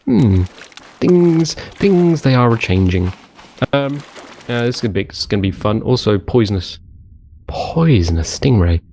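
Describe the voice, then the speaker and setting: A man's voice: medium pitch, lively intonation, unhurried, a little mellow, slight background noise. A man casually commenting on his own gameplay, chatty and rambling, talking to himself as he goes. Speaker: gaming channel host. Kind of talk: casual let's play commentary.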